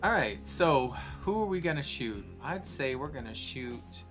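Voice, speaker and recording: A man running a tabletop game as game master, chatty and quick to laugh. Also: medium pitch, animated, music in the background.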